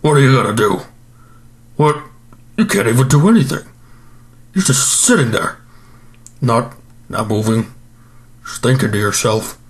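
An overstuffed male supervillain, too full to move, played by a man. He groans, rambles and pities himself at an unhurried, dragging pace. This is an improvised comedy monologue in an ordinary mid-pitched voice. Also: animated, close to an everyday voice. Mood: groaning regret. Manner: groaning, rambling, self-pitying.

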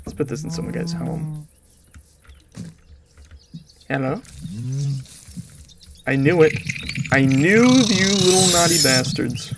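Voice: mid-range voice, measured pace, vocal fry, pauses often, very noisy. A gaming video creator giving rambling, casual commentary over gameplay, with muttered asides that drop to whispers.

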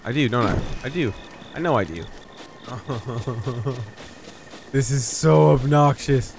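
A man's voice: mid-range voice, animated, normal speed, vocal fry, noisy background. A man giving let's play commentary as he plays, exasperated, swearing often and muttering to himself. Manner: pleads and repeats words under his breath. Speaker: gaming channel host.

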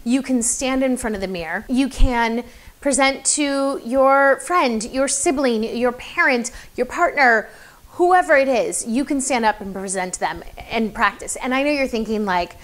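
A woman's voice: a little high, a little slow, fairly bright tone. A young woman coaching public speaking in a chatty, encouraging way, with lots of fillers. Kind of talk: casual advice video to camera.

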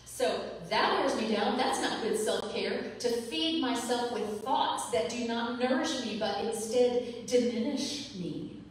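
A woman's voice: a little high, a little mellow. A woman minister giving an earnest, confessional sermon and repeating phrases for emphasis. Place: church sanctuary. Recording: echoey hall, heard from far off.

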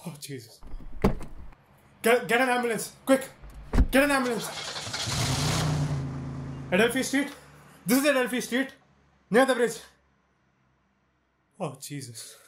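A young man acting a shaken man in a student stage drama, telling his story in a tense, halting way. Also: mid-range voice, noisy background, close to an everyday voice. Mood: panicked. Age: young adult.

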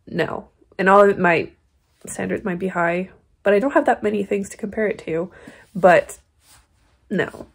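A breathy young woman chats at home in a casual vlog. She talks bluntly and with exasperation, then switches to soft baby talk. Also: mid-range voice. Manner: exasperated, blunt book ranting; cooing baby talk to kittens. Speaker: book vlogger.

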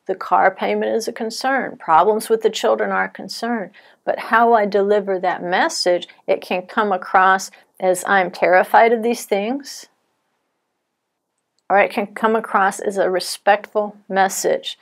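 A middle-aged woman giving an earnest, measured teaching talk to wives, telling stories to make her points. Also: medium pitch, steady tone, creaky. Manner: earnest, measured, softens for quoted fears. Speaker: Bible teacher.

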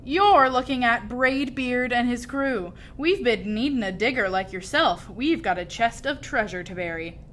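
A woman voicing a gruff, bossy male pirate captain who bellows in a storybook. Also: a little high, animated, a little slow, few pauses, slight background noise. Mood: blustering. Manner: loud, boisterous pirate talk.

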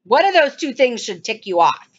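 A woman hosting her own channel, commenting urgently over video clips and mocking with sarcastic high-pitched asides. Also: big pitch swings, normal speed. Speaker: channel host. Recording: dull lo-fi sound.

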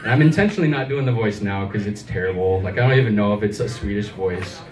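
A man's voice: on the low side, quick pace, crowd noise. A man doing a rambling, self-deprecating open mic stand-up set in a small comedy club, chuckling as he goes. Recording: echoey club, mic far off.

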